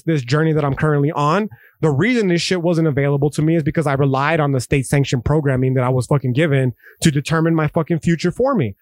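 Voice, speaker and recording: A man's voice: fairly high pitch, dry recording, studio quality. A man hosting a podcast, talking in a profane, rambling, conversational way. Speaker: podcast host. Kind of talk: casual podcast monologue.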